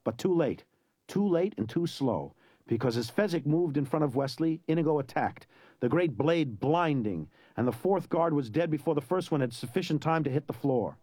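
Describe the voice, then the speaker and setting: A man narrating a story in an expressive, dramatic way. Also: on the high side, moderate pace, no echo. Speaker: audiobook narrator.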